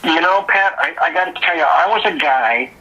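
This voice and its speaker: A man, a musician guest, telling stories in a casual, animated interview. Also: fairly high pitch, a little fast, breathy edge, lo-fi sound. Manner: animated anecdotal storyteller.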